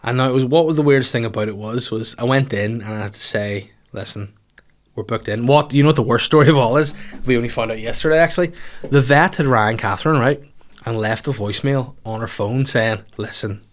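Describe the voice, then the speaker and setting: A young man with a Northern Irish accent tells a comic story on a podcast in a loose, chatty way. He laughs along as he goes and often jumps up into high, mocking voices to quote people. His voice sits at a middle pitch. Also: a little fast. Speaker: podcast host. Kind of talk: casual comedic storytelling.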